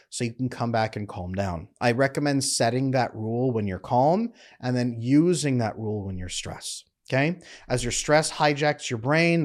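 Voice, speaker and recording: A middle-aged man teaching relationship skills to camera, emphatic, acting out breathing and relaxed posture as he explains. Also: mid-range voice. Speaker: relationship coach.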